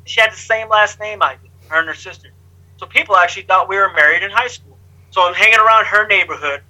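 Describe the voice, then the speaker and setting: A man with a high, sharp and very bright voice talks through his past in an interview. He is blunt and streetwise, with slang and the odd curse. He slips into other people's lines as he tells it. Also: fast, low-quality recording. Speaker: interview guest. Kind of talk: candid life story told in conversation.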